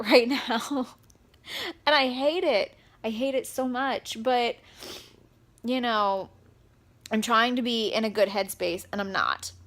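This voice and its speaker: A young woman talking straight to camera in a personal vlog, upset and close to tears, speaking haltingly with many pauses and fillers. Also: on the high side, fairly bright tone. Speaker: vlogger.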